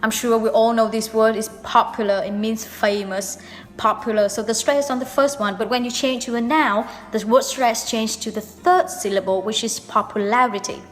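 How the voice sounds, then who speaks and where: A young woman with a Vietnamese accent teaching English pronunciation in a video lesson, speaking slowly and stressing her words. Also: fairly high pitch, in a large hall. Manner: slow, emphatic teaching delivery.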